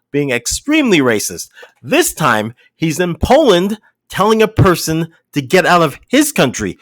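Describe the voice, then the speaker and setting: Male narrator, animated pitch, sardonic commentary, dry close sound. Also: no echo. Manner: sardonic, editorializing.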